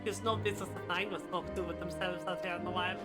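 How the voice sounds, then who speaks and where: A woman's voice: lowish voice, little pitch movement, fast talker, music in the background, close to an everyday voice. A woman reading aloud as a short-tempered, put-upon camp supplier in a video game, grumbling and irritable.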